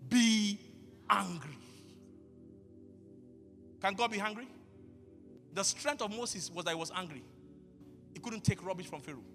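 A pastor preaching a sermon, bursting into shouts and acting out conversations with God. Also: male voice, high-pitched, lively intonation, brisk, pauses often, in a large hall, faint music behind. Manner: acts out dialogues with God.

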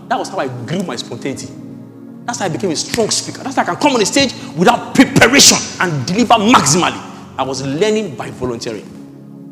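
A man preaching a sermon as pastor, animated and rising at times to shouts. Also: sits high, big-room sound.

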